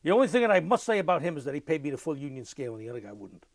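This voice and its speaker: An older man giving an oral history interview, telling lively anecdotes and mimicking music with his voice. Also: a little high, racing, no room sound.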